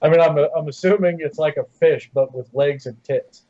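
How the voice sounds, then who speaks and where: A man's voice: fairly high pitch, normal speed, warm tone. A man playing a tabletop game, speaking hesitantly with stumbles. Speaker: player. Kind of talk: casual game table banter. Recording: dull lo-fi audio.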